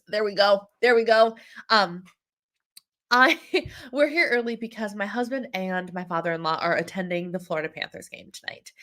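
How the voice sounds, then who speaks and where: A woman's voice: lowish voice, a bit bright. A woman, hosting a casual wellness livestream, a little nasal and congested from a cold, chatting with viewers by name. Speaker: wellness coach and livestream host.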